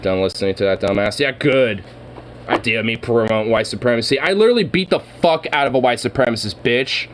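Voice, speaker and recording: A man's voice: medium pitch, fairly bright tone, slight background noise, rough recording. A man streaming and chatting casually, swearing constantly and rambling heatedly with lots of fillers.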